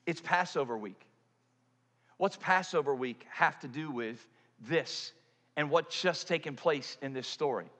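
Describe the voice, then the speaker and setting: A man with a high voice preaches a sermon, turning from loud and pressing to low and hushed. His voice carries a long reverb from a large church auditorium. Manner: dramatic, swings from loud to hushed. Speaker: pastor.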